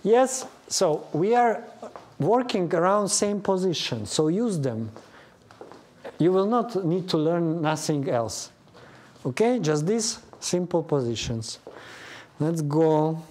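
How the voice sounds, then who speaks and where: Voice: mid-range voice, lively intonation, slow, darkish tone, slight background noise. A ballet teacher, a native Russian speaker with a Russian accent, counting beats and correcting students by name during a class in a studio. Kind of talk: live ballet class instruction. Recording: class music playing behind. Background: piano accompaniment.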